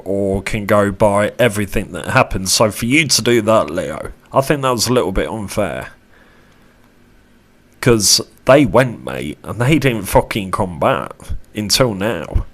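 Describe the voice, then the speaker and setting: A man giving a casual tarot reading to camera, chatty and animated, with casual swearing. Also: on the low side. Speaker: tarot reader.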